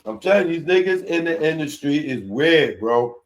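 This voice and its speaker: Animated man hosting live commentary. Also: fairly high pitch, normal speed. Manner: animated, laughing, repeats himself. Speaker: commentary show host.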